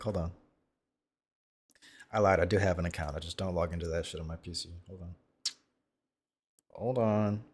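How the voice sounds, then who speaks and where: A man with a fairly low voice, talking casually on a live stream as he reacts to a video. He is brash and foul-mouthed, mocks the video's creator, and jumps now and then into loud outbursts. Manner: brash, profane and mocking, with sudden loud outbursts.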